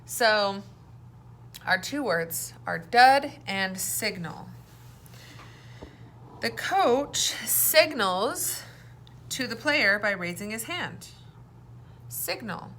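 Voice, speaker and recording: A woman teaches young children to read, talking slowly and clearly with a bright, lively pitch. She keeps prompting them to say the words back to her. A faint hum of noise sits behind her voice. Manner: slow, clear, encouraging teacher talk with call-and-response prompts. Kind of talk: early-reading phonics lesson.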